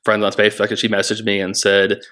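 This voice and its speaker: A man who worked at a treatment center tells a story candidly, in a halting, reflective way with many restarts. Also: on the low side, completely flat delivery, sharp tone. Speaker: former treatment center staff member.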